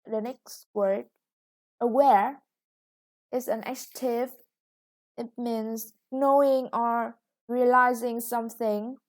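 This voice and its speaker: A woman teaching an English vocabulary lesson, patiently explaining words one by one with frequent fillers. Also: a little high.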